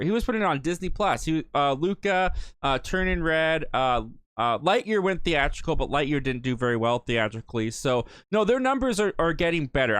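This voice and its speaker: A man's voice: fairly high pitch, fairly bright tone, clean tone, dry recording. A young adult man hosting a casual live Q&A stream, chatty and rambling, with lots of fillers and self-corrections. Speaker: live stream host reading chat.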